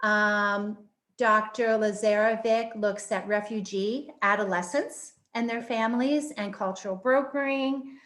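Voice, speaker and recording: A woman's voice: mid-range voice, steady tone, measured pace, a bit bright. A middle-aged woman professor presenting in a webinar over a video call, enthusiastic and peppered with um fillers.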